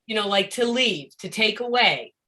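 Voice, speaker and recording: A woman teaching a live-streamed presentation on reading for deaf children, animated and often acting out a confused child's voice. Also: medium pitch, moderate pace, slight background noise. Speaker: educator of deaf students.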